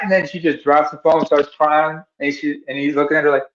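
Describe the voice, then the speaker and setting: A man's voice: on the high side, sing-song, fairly quick, long pauses, fairly bright tone, lo-fi sound. A man in a casual podcast chat, telling stories animatedly and acting out voices.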